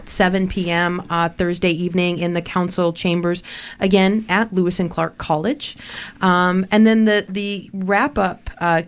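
A woman's voice: fairly low pitch, clean tone. A woman hosting a community radio talk show, interviewing guests with a hesitant, filler-heavy manner.

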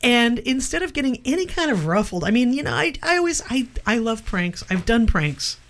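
A woman's voice: a little high, big pitch swings, moderate pace. A woman hosting a radio talk show, effusive and admiring in her questions, laughing often. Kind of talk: radio interview.

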